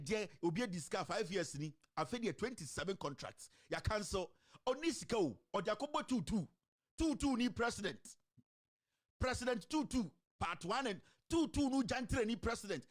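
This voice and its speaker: An online commentator with a Ghanaian accent and a high-sitting voice delivers animated political commentary. He mixes a local language with English and fires off rhetorical questions.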